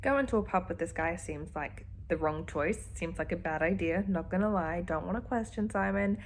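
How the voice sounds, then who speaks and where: A woman's voice: lowish voice, moderate pace, slight background noise. A woman, chatting expressively and with sarcastic asides while reacting to a book on her reading vlog. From Australia. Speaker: book vlogger.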